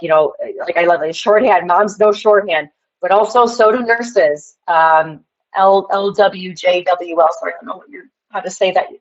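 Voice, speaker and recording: A woman's voice: mid-range voice, dull audio. A woman telling a rambling story on a livestream and calling out to the chat. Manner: rambling, addresses the chat directly. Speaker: livestream guest. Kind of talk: casual livestream rant.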